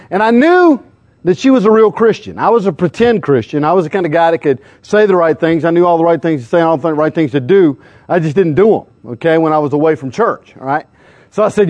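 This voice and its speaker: A man, preaching to a live crowd in a humorous, excitable storytelling way with sudden loud outbursts. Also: high-pitched, brisk.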